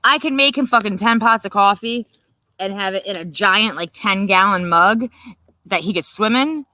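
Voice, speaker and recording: A woman's voice: medium pitch, moderate pace, bright, forceful tone, no room sound, low-quality recording. A woman hosting a livestream, rambling, profane and laughing as she chats. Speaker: livestream host. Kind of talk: casual late-night chat.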